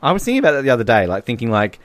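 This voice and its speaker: A man's voice: medium pitch, huge pitch swings, dry recording. Podcast co-host, male, jokey casual talk, voice swoops widely. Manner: jokey, quick asides, playful voices. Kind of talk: casual movie watch-along chat.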